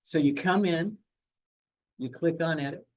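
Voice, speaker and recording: A grants administration staff member walking viewers through an online portal in a webinar, talking fast with frequent fillers and self-corrections. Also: medium pitch, darkish tone. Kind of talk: webinar screen-share walkthrough.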